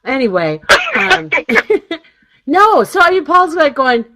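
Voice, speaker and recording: A woman's voice: high-pitched, big pitch swings, takes it slowly, heavy background noise. A woman co-hosting a radio talk show, telling stories casually, laughing often and acting out the lines of people in her stories. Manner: chatty storyteller, laughs often, acts out quoted dialogue.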